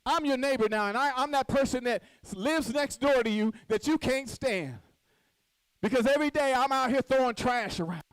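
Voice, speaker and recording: A woman's voice: sits high, moderate pace, dry recording, low-quality recording. A woman giving a motivational speech from a podium at a conference, acting out little scenes and quizzing the audience. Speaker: conference speaker. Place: stage at a podium.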